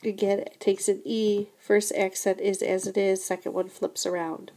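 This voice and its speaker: A woman teaching a recorded French lesson, explaining grammar slowly and patiently, often repeating "remember" and "so again". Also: mid-range voice, little pitch movement, mellow.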